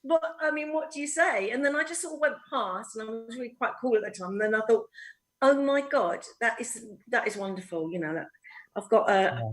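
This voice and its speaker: A woman's voice: fairly high pitch, fast talker, a bit bright, poor audio. Chatty woman telling stories. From East End of London. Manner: chatty, laughing storyteller with many "um"s. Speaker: guest actress. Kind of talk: casual anecdote telling.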